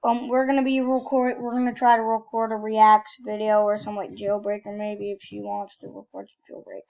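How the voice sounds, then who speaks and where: A young woman chatting casually over her gameplay as a gaming YouTuber, rambling, correcting herself mid-sentence and breaking into sudden excited shouts. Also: mid-range voice, normal speed, vocal fry. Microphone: computer microphone with screen recorder. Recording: muffled lo-fi computer mic.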